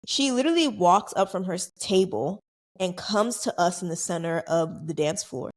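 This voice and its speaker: A young adult woman hosting her own podcast, telling a story in a casual, chatty way and acting out other people's lines. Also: normal speed. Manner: chatty, animated, acts out quoted voices higher. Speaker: podcast host.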